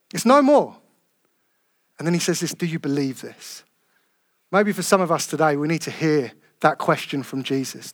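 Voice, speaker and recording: A man preaching a sermon, earnest and emphatic, slowing down to stress key phrases. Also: fairly high pitch.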